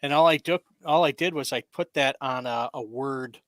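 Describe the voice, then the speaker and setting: A man's voice: mid-range voice, moderate pace, no room sound. A man chatting as a guest author on a casual podcast. He rambles with fillers while he promotes himself and jokes with the hosts. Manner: rambling, self-promoting, joking.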